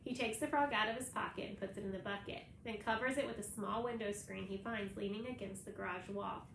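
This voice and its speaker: A woman reading a children's novel aloud in a plain, steady storytelling manner. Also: medium pitch, fairly quick, gravelly, roomy sound, a little hiss or hum, poor audio. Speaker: reader.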